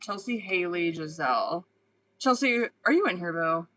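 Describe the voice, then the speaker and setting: Casting: young woman tarot reader on a live stream, bright tone, blunt, swears a lot, chatty. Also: lowish voice, lively intonation, normal speed, low-quality recording. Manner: blunt, profane, chatty, laughs often.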